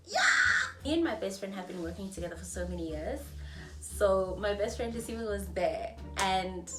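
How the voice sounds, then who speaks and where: A young South African woman tells a story to her vlog audience, chatty and animated, acting out each person's lines. Her pitch leaps up and down constantly. She sits at a distance from the mic in an echoey room, with faint music playing underneath. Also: normal speed. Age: 20s. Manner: animated, chatty, acts out dialogue in shifting voices. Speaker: vlogger.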